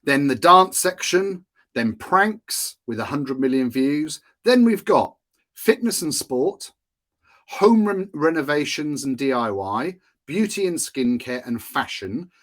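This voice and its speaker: A man's voice: fairly high pitch, expressive, takes it slowly, a bit bright. Chatty man giving a casual lesson. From Wales. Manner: chatty, often checks in with "right?". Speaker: course instructor. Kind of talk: casual teaching talk.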